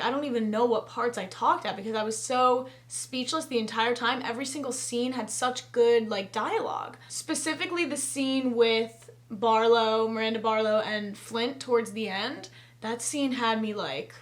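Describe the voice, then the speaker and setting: A woman's voice: high voice, fairly bright tone. A woman hosting a reaction video, chatty and effusive, peppering her talk with "like" and casual swearing.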